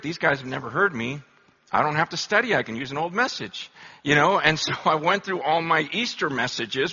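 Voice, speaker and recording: A man's voice: fairly high pitch, bright, forceful tone, husky. A man in his forties preaching at a conference, telling stories in a conversational, self-deprecating way that builds to impassioned urgency. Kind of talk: conference sermon. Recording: dull lo-fi conference recording.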